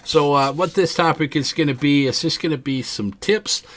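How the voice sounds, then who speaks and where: A man hosting a live gaming podcast, telling stories in a rambling, animated way with many restarts. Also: a little high, normal speed. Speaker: podcast host.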